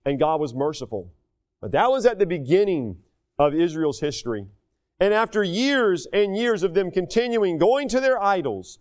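A middle-aged American man preaching a sermon in a folksy, animated way, raising his voice for quoted speech. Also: high-pitched. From United States.

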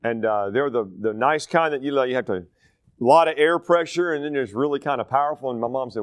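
A man's voice: mid-range voice, fairly quick, clean tone, no echo. A man from North Carolina, teaching a Bible study in a conversational, digressive style full of stories. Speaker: pastor.

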